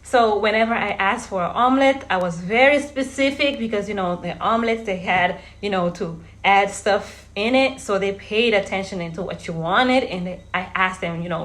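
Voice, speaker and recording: Woman, 30s, from Verde, casual storytelling vlogger, chatty, middle-pitched voice. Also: normal speed, a bit bright. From Cape Verde. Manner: chatty, often addresses viewers as guys, laughs while telling stories.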